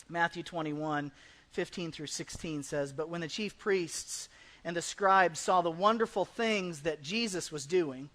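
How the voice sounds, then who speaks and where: A pastor preaching a conversational sermon in a church, now and then acting out the people in the story. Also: male voice, sits high, fairly bright tone. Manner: conversational preaching, acts out quoted voices. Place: church sanctuary.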